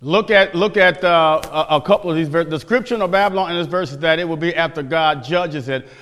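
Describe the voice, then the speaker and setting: A man's voice: a little high, a little fast, a bit bright. A man teaching a Bible class, folksy, questioning his listeners, often restarting his sentences. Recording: echoey hall.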